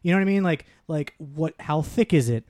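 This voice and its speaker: A man's voice: on the high side, expressive, a little fast, darkish tone. A man chatting casually with friends on a podcast, telling rambling stories full of fillers. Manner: rambling, filler-heavy storytelling. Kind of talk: casual group chat.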